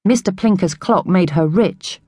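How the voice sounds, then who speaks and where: A woman reading an audiobook, voicing a gentle young orphan boy who talks in an earnest, confiding way. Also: lowish voice, measured pace, husky, no room sound, clean studio sound.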